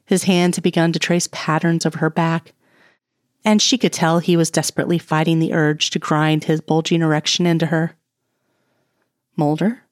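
A woman with a somewhat low voice narrates a romance story in a soft, even, intimate way. The sound is close and dry, with no room around it. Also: a little fast, dry recording. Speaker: audiobook reader. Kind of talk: reading romance fan fiction aloud.

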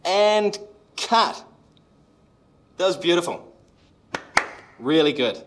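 A man playing a film director in a comedy sketch, speaking in a soft-spoken, reassuring way. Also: high-pitched, lively intonation, takes it slowly, very noisy.

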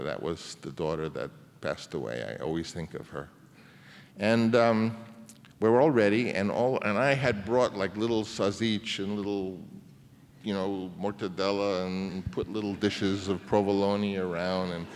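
A man's voice: low-pitched, slight background noise. A man in his seventies, a guest telling long, rambling anecdotes at a public conversation event, with frequent restarts. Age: 70s. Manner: rambling, with many restarts and fillers. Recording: reverberant hall.

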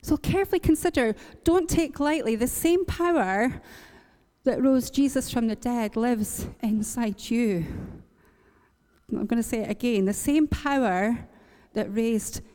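A woman's voice: on the high side, unhurried, warm tone, in a large hall. A woman from Northern Ireland preaching a sermon, earnest and encouraging, repeating lines for emphasis. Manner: earnest, encouraging, with light laughs and repetition for emphasis.

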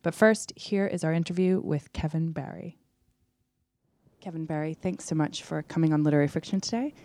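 A woman's voice: deep voice, brisk, darkish tone, no echo, clean studio sound. A woman hosting a literary podcast and introducing the episode and her guest in a chatty way. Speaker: podcast host. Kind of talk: scripted show introduction.

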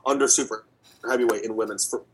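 A man's voice: lowish voice, steady tone, fast talker, fairly bright tone, husky, low-quality recording. A man in his twenties chatting casually and enthusiastically about powerlifting, rambling with fillers. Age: 20s. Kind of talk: casual sports chat.

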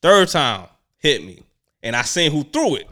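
A man telling a school story in casual chat, animated and laughing, acting out the people he quotes. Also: a little high, measured pace. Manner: animated, acts out voices in quoted lines, laughs often.

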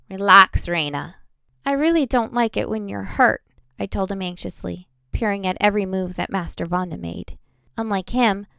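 A woman reads a fantasy excerpt aloud in measured audiobook narration. Her voice is smooth and clear, with a touch of vocal fry, at a middle pitch. The sound is close and dry, with no room echo. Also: a bit bright. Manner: measured first-person storytelling. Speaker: editor reading a book excerpt.

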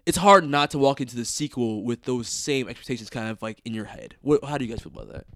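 A man's voice: medium pitch, fast, fairly bright tone. A young man hosting a casual movie review podcast, loose and jokey, often trailing off mid-sentence. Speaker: podcast host.

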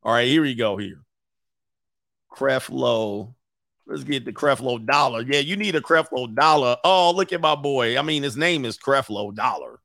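A man's voice: medium pitch, moderate pace, gravelly, a bit bright, no room sound, studio quality. A man hosting a casual commentary show, joking, swearing and laughing often. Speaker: host.

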